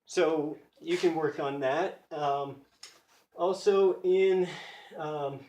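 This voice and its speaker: An American man talks through his study methods in an earnest, thinking-aloud way, often stopping to correct himself. His voice sits a little high for a man. He is recorded on a phone in a room with a noticeable echo. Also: steady tone, drawn-out words, mellow, dull audio, a little hiss or hum. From United States. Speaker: language learner sharing study tips. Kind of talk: casual explanatory video talk.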